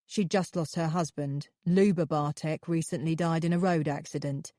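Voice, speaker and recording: A woman's voice: deep voice, fairly even intonation, moderate pace, warm tone, dry recording, clean studio sound, lightly acted. A woman voicing a cold, detached male police officer who speaks in a clipped, patronizing, matter-of-fact way.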